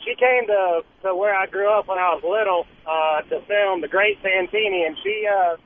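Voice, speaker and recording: High-voiced male caller on phone line. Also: normal speed. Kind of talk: phone-in call. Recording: tinny phone line with faint noise.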